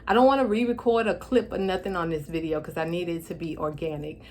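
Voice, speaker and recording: With a lowish voice and a little hiss or hum in the background, a vlogger tells her personal story emotionally. A stroke has slightly affected her speech, and she's tearful and heartfelt, pausing to steady herself.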